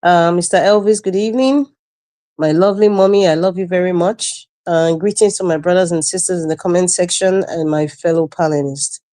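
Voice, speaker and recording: A woman's voice: lowish voice, fairly quick, dark tone, dry recording. A woman with a Nigerian accent speaking as a panelist on a video call, giving impassioned political commentary, indignant and emphatic, repeating her phrases.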